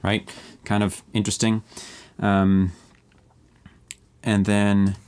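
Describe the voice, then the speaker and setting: A man's voice: on the low side, monotone, slow, darkish tone, slight background noise. A man casually walking viewers through building a beat live and thinking aloud as he edits tracks. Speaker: music producer streamer. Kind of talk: live beat-making walkthrough.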